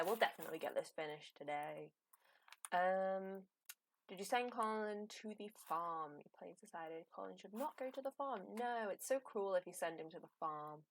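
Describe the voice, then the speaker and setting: A young woman, chatting and rambling with a giggle while she streams a game. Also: lowish voice. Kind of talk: casual live game commentary.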